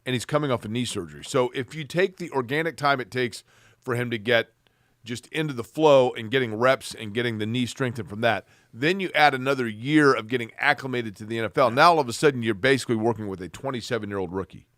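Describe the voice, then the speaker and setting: A man's voice: medium pitch, fast talker, fairly bright tone, dry recording. Dry-humored male sports co-host. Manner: dry teasing, methodical arguing. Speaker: sports talk show co-host. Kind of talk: casual sports talk banter.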